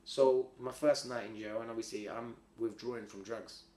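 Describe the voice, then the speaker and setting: A man telling his story as a podcast guest in a slangy, rambling, animated way. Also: mid-range voice, normal speed, a crowd in the background. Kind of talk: casual storytelling. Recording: roomy echo.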